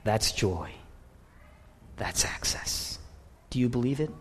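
A man preaching a sermon in a church, swinging between loud declarations and hushed whispers. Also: mid-range voice, lively intonation, slow, slight background noise. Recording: long reverb of a large hall.

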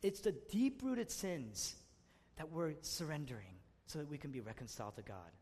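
A man preaching a sermon, swinging between loud emphatic passages and hushed, intimate ones. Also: a little high, very animated, normal speed, husky. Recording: long hall reverb.

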